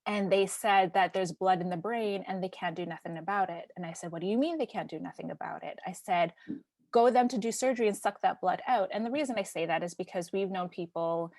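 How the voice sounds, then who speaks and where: On her podcast, a woman from Canada shares a personal story in a loose, stop-start way, with plenty of fillers, restarts, and the occasional near-whisper. Her lowish voice is captured in a dry, clean studio recording.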